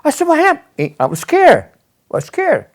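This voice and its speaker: Older man, gravelly storyteller. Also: high voice, normal speed. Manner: rambling, repeats words, animated when quoting others. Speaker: interviewee telling his life story. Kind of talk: casual storytelling.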